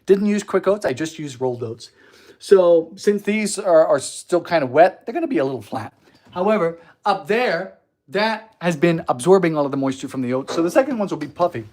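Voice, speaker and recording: A man's voice: fairly high pitch, expressive, normal speed, a little mellow. A man hosting a baking livestream in a home kitchen, chatting casually in a goofy, giggly way while reading out viewer comments.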